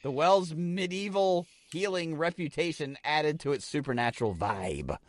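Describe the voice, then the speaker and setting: A man's voice: on the high side, normal speed, no echo. A man co-hosting a podcast in casual chat, rambling and swearing as he tells stories. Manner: rambling, profane, excitable. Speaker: podcast co-host.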